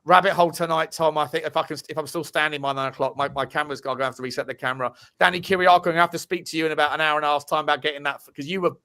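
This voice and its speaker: A man hosts a football fan live stream in a casual, chatty way. He talks fast with a bright, forceful edge and a slightly high voice. He swears and shouts out viewers as he reads their messages. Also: fairly even intonation. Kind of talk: casual live-stream chat, reading out super chats.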